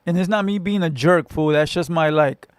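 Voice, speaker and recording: Hosting a laid-back livestream, a man from Southern California talks with viewers at a normal speed, his voice smooth and on the high side with no room sound. His storytelling is blunt and loaded with cursing and street slang.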